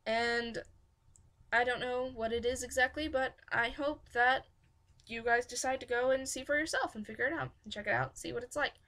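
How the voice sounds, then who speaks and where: A woman's voice: on the high side, normal speed, pushed and bright. A woman hosting a fanfiction reading stream, giving rambling, self-deprecating casual commentary. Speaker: fanfiction audiobook reader and host.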